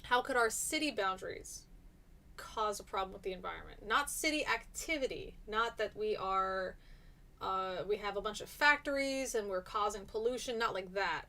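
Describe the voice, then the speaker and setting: Woman teacher on a live stream, chatty and encouraging, mid pitch, reading out student comments. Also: normal speed, sharp tone. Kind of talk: live-streamed class discussion.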